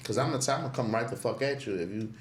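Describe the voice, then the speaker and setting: A young man, talking at a middling pitch and spinning loose, profane stories as a podcast guest. He keeps acting out his own past remarks in quick bursts. His voice carries a roomy echo with faint noise underneath. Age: 20s. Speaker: podcast guest, clothing brand owner. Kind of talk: casual storytelling.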